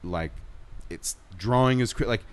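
A man's voice: on the low side, a little slow, over a noisy crowd. A man co-hosting a podcast, opinionated and questioning, often restarting his sentences. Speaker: podcast co-host. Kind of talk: casual chat.

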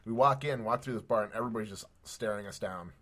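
A man's voice: fairly low pitch, fast, fairly bright tone. A man on a podcast telling a rambling story, laughing often and acting out other people's lines. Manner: rambling, laughs often, acts out quoted voices. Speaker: podcast co-host. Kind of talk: casual storytelling chat.

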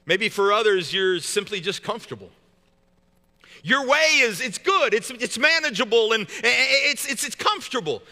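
A man's voice: extremely high pitch, lively intonation, moderate pace, sharp tone, big-room sound. A man preaching a sermon as pastor, talking in a casual, joking way with frequent stumbles and restarts. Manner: conversational and joking, with many repeated restarts.

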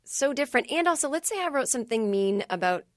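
A woman, a comedy writer, chatting as a podcast guest, telling stories fast with many "like"s and acted-out quotes. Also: sits high, big pitch swings, no room sound, clean studio sound. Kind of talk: casual podcast interview.

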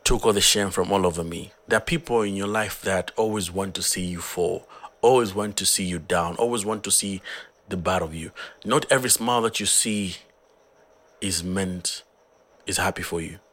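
A hoarse man from Zambia, earnestly talking through his own song in a casual, rambling way. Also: low-pitched, normal speed, a bit bright. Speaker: musician.

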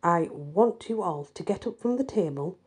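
A woman voicing a stern, dismissive middle-aged father in a spoken story, scolding in a husky voice. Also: fairly low pitch, expressive, normal speed, darkish tone.

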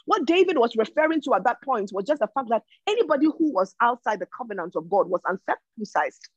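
A woman delivers sermon-style Bible teaching, reading passages aloud and then driving home their meaning with emphasis. Her voice sits a little high and carries a husky, breathy edge. The recording is dry and close, with no room sound. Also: sing-song, fast talker, dry recording, dull audio. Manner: emphatic, reads scripture and explains it, repeats words while thinking.

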